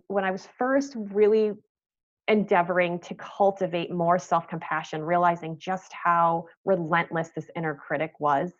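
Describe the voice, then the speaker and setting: A woman talks slowly and gently as a podcast guest, pausing often and restarting her thoughts. Her voice comes through a little dull and lo-fi, as if over a remote call. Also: lowish voice. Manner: soft-spoken, thoughtful, pauses and restarts. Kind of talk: podcast interview, reflective storytelling.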